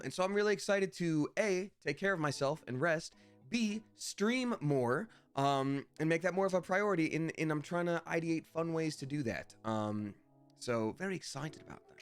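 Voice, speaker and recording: Upbeat, lively-pitched male streamer. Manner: upbeat, chatty, thanking viewers one by one. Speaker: Twitch streamer and voice actor. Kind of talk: casual live-stream chat.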